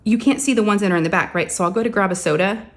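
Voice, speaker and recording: A woman's voice: medium pitch, racing. A woman, chatting casually and ramblingly to her viewers from her home craft room. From Texas. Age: 40s. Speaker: crafting vlogger.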